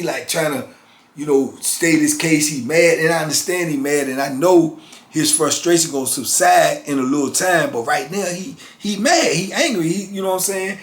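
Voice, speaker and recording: A man in his fifties hosting his channel, telling a story casually and acting out both sides with street slang. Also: on the high side. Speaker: channel host. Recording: roomy echo.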